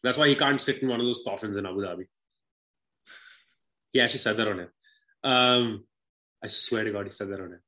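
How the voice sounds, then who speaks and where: A man's voice: lowish voice, fairly quick, pauses often, bright, forceful tone. A man co-hosting a podcast in casual cricket chat, joking and laughing often with swearing banter. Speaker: podcast co-host. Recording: echoey room.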